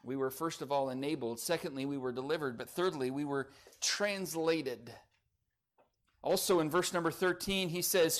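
A middle-aged man, a pastor, preaching a sermon, rising and pressing on key phrases, then dropping into quiet, chatty storytelling. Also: on the high side, normal speed.

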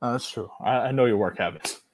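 A young man co-hosting a podcast in casual banter, loud and jokey as he reads an ad. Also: mid-range voice, quick pace, breathy edge. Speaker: podcast co-host.

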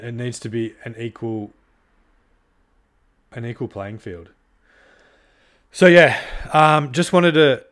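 A man hosting his podcast, talking alone in a heated way, with frequent swearing and many fillers. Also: fairly low pitch. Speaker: podcast host. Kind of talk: solo podcast monologue.

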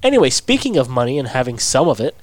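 A man's voice: mid-range voice, sing-song, fast, dry recording. A young Australian man co-hosting a podcast, joking and rambling in casual chat. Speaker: podcast co-host.

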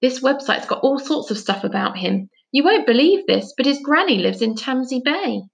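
A woman voices a nosy boy who teases his friends and gets excited over news. His eager voice is pitched a little high for a storybook reading. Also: normal speed, gravelly, full character voice. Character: nosy eager boy, teasing, phone in hand.

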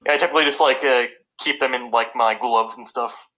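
A man taking part in a tabletop role-playing session, describing what his character does. His voice is bright and sharp, and his speech halts often on fillers. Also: medium pitch, steady tone, poor audio. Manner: halting, many fillers. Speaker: player.

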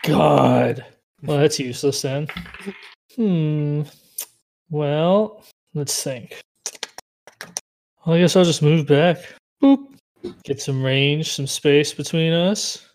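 A man's voice: on the high side, slow, creaky, long pauses, darkish tone, a little hiss or hum. A man playing a tabletop game over an online voice call, casual and thinking aloud. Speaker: player.

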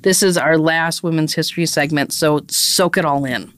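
Low-voiced woman co-hosting a chatty podcast. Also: normal speed, a little hiss or hum. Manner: chatty, laughs easily, self-deprecating. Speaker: podcast co-host. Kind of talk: casual chat.

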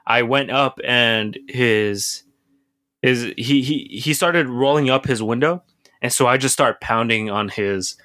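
A man's voice: medium pitch, measured pace, pushed and bright, no room sound, studio quality. A young man casually telling a rambling, profane story on a podcast, full of restarts and filler words.

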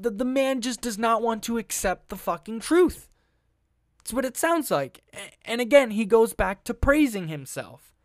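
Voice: mid-range voice, expressive, moderate pace. A commentator reads news stories aloud and breaks off into blunt, cursing, sarcastic remarks. The delivery is casual, with restarts and tripped-over words. The sound is dry and close, with no room echo. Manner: blunt, profane, sarcastic asides; stumbles and restarts while reading aloud. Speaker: video commentator.

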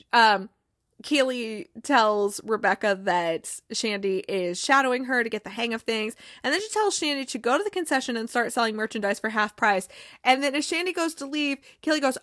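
A woman's voice: high voice, animated, moderate pace, pushed and bright, no room sound, studio quality. A woman hosting a casual episode recap, chatty, acting out the characters' lines and laughing as she goes. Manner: chatty, acts out quotes, laughs, reads aloud. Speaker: podcast host recapping a TV episode. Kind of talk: casual recap, retelling scenes.

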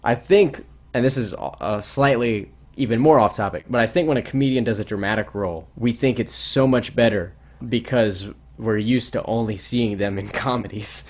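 A man co-hosting a podcast in casual chat, rambling and animated with many restarts. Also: on the low side, moderate pace, hardly any pauses. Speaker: podcast co-host.

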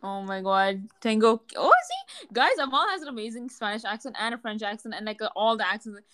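A teenage girl co-hosting a casual podcast chat, animated and exclamatory, teasing her co-host. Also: fairly high pitch, quick pace.

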